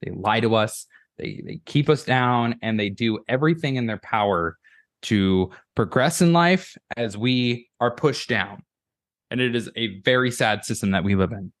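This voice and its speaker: A man's voice: mid-range voice, moderate pace, no echo, studio quality. A man on a podcast as a guest, chatting casually and rambling profanely about politics with many restarts.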